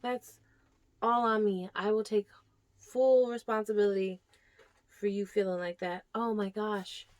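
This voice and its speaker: A woman's voice: medium pitch, steady tone, measured pace, a little mellow. A young woman giving a casual tour of her houseplants, chatting fondly to them and sometimes dropping to a near whisper. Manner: drops to a near whisper at times. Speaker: plant vlogger. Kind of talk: casual plant tour vlog.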